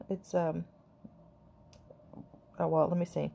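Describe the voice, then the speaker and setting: Woman, middle-aged grandmother, casual vlog chat, rambling and affectionate, low-pitched voice. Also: level tone, takes it slowly, creaky, long pauses, dark tone. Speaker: vlogger.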